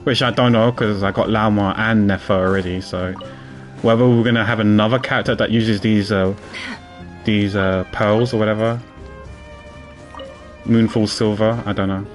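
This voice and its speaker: Guy streaming a game, low-ish voice, rambles and repeats himself, laid-back chat. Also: fairly even intonation, moderate pace, pauses often, faint music behind. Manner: rambling, repeats words, chuckles often. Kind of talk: casual gameplay commentary.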